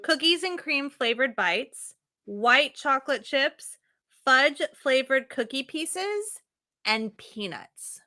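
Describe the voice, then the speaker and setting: A woman's voice: sits high, lively intonation, slow, sharp tone. A young woman hosting a casual sewing chat, giggly and playful, using "like" a lot. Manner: giggly, playful, says "like" often. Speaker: host.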